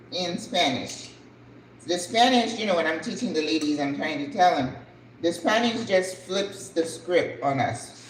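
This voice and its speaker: An older woman hosting a cooking vlog, chatting casually and exclaiming excitedly over the food as she plates it. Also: lowish voice, echoey room, slight background noise, rough recording.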